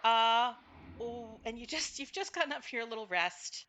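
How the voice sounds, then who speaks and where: A woman's voice: fairly high pitch, animated, moderate pace, a bit bright. A woman narrating a tabletop game as game master, recapping with frequent fillers and self-corrections.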